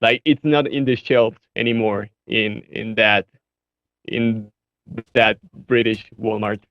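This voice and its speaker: A man calling in to a show, asking a question hesitantly with many pauses and restarts. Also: lowish voice, steady tone, no room sound, lo-fi sound. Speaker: caller. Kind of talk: casual chat.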